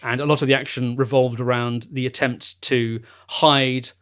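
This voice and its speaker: A man's voice: mid-range voice, level tone, normal speed, a bit bright, clear, resonant tone. British man explaining comedy history. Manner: informative, many fillers. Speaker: podcast host. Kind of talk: casual explanatory chat.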